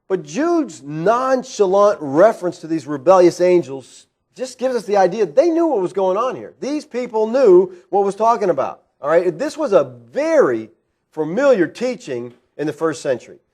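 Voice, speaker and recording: A man's voice: sits high, very animated, moderate pace, a little mellow. A man preaching an expository sermon in a church, conversational and full of rhetorical questions, often checking in with "all right?". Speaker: pastor. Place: church sanctuary.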